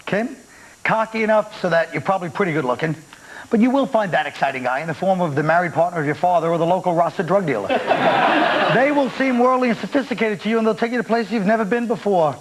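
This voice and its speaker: A man's voice: high-pitched, rough recording. A man hosting a late-night comedy panel, reading viewer letters with sarcastic, mock-earnest advice. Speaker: talk show host. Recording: TV studio with audience noise.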